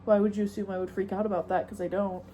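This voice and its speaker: A woman's voice: medium pitch, level tone, quick pace, dark tone, slight background noise, poor audio. A young woman hosting a podcast alone, chatting in a rambling, slangy, self-mocking way into a phone camera. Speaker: podcast host. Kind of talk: casual solo chat.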